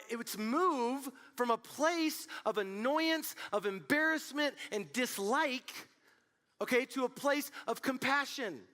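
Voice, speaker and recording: A young man preaching a casual youth sermon, telling stories with lots of fillers and an animated delivery. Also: extremely high pitch. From Colorado. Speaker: youth pastor.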